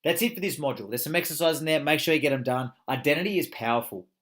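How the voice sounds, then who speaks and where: A man's voice: on the high side, racing, a bit bright. A man teaching a motivational coaching course, speaking emphatically, swearing freely and firing rhetorical questions.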